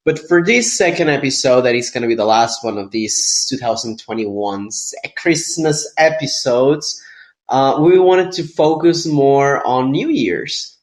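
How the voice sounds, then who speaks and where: A man with a hoarse voice from being sick, co-hosting a podcast in chatty casual talk with fillers. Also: medium pitch, expressive, unhurried. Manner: chatty, loose, with fillers like "you know". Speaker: podcast co-host. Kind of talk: casual couple chat.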